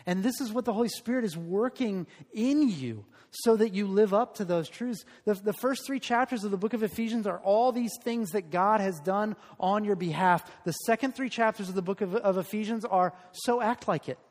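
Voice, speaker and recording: A man's voice: high voice, normal speed, few pauses, a little mellow. A man preaching a sermon as pastor, earnest and emphatic, leading the congregation in call-and-response declarations. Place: church sanctuary. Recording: hall reverb.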